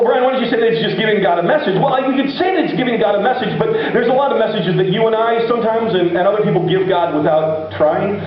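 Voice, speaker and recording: A male pastor giving a sermon, telling Bible stories in a lively, casual way and acting out the voices. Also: high-pitched, background noise. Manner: animated storytelling preacher, acts out voices. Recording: echoey dull room recording.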